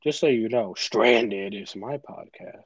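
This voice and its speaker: A man's voice: on the low side, measured pace, slightly rough, no room sound, highs cut off. Young man riffing absurd jokes. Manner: absurd deadpan jokes, riffs in silly bits. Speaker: podcast co-host. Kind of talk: casual chat.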